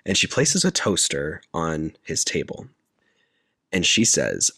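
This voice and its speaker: A man with a very low voice talks through a film's plot in a loose, chatty way, full of fillers. The sound is dry and close, with no room in it. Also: slow, vocal fry, breathy edge, no echo. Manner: retells scenes in deadpan detail, filler-heavy. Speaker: podcast co-host recapping a film. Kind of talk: casual chat.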